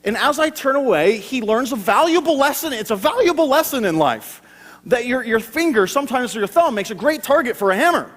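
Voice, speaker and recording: Preacher, male, thirties, storytelling sermon with stammering restarts, bright high voice, echoing hall. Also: sing-song, fairly quick.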